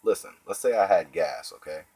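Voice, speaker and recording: A man's voice: low voice, moderate pace, warm tone, slightly rough, no echo, rough recording. A man voicing a smug scheming schoolboy. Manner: smug, lecturing. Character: scheming schoolboy politician, cowardly sidekick.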